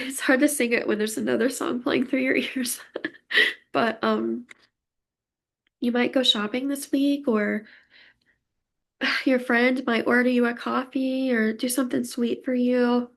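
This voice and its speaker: A woman's voice: a little high, fairly even intonation, a little slow, gravelly. A woman giving a casual pick-a-card tarot reading, chatty and emotional, reassuring her viewers and laughing often. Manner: warm, reassuring tone toward viewers.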